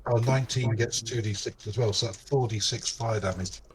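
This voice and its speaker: A man's voice: on the low side, steady tone, moderate pace, a little hiss or hum. A man playing a tabletop game, working out damage aloud and correcting himself. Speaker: player.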